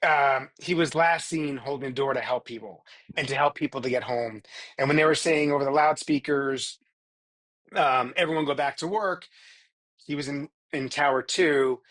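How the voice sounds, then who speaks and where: A middle-aged man talks as a podcast guest in an earnest, heartfelt way. His pitch sits in the middle, and he keeps restarting sentences as he gathers his thoughts. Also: normal speed, a bit bright. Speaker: guest, performance psychologist. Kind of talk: casual podcast interview.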